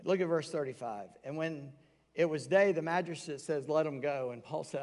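A man's voice: a little high, brisk. A man preaching a sermon in a conversational way, acting out the quoted voices as he tells the story. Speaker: pastor. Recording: long reverb of a large hall.

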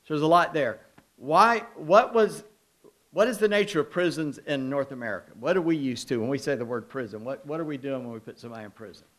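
A man's voice: fairly high pitch, fast talker, fairly bright tone. A man, a pastor giving a conversational sermon full of personal stories, self-deprecating humor and frequent asides.

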